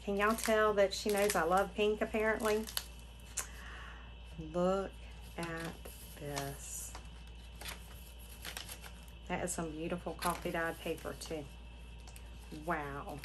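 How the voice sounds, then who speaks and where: A middle-aged Florida woman who hosts a craft channel gushes with delight through a casual unboxing vlog, exclaiming often and talking to her viewers. Her voice is fairly low and steady at a moderate pace, with background noise.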